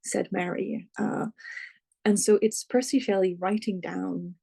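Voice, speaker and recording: An author talking thoughtfully about their novel in an interview, often pausing to search for words. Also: medium pitch, steady tone, creaky, warm tone, husky. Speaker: author, guest. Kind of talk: reflective interview talk.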